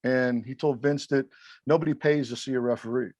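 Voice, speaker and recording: A man's voice: medium pitch, steady tone, brisk, a little mellow, dry recording. A man as a podcast guest, telling candid stories emphatically, with heavy swearing and acted-out quotes. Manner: profane, emphatic, acts out quotes. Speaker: former wrestling referee, podcast guest. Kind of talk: candid interview storytelling.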